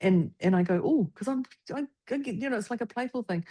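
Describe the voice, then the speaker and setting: A woman co-hosting a podcast in casual conversation, animated and acting out other people's lines. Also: fairly high pitch, fast talker. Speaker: podcast co-host.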